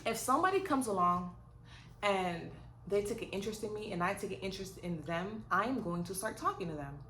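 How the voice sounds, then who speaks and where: A young woman vlogger telling a dating story in a casual, sassy, animated way, full of rhetorical questions. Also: mid-range voice, fairly quick. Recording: roomy echo with faint noise.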